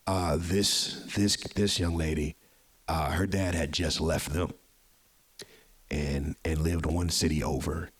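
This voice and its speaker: A man's voice: very deep voice, steady tone, slow, breathy edge. A man hosting a live podcast show, telling a personal story with energy, often repeating words as he goes. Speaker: podcast host. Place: live show venue with audience.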